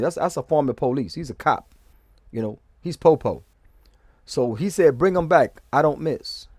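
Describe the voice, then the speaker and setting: Male vlogger, loose rambling commentary with restarts; somewhat high voice. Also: darkish tone, no echo, studio quality. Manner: rambling with restarts, often asking "okay?". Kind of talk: casual commentary.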